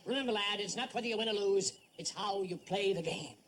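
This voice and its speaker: An actor playing a meek, overly gracious railroad executive who talks in a mild, preachy tone. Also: male voice, high-pitched, a little fast, heavy background noise, natural voice. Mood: sugary humble. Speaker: railroad vice president. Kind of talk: 1960s sitcom acting.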